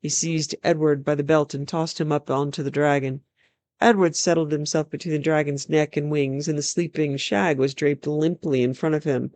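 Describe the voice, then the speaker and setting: A storyteller reading a fantasy novel aloud in a measured, even narration. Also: medium pitch, dry recording.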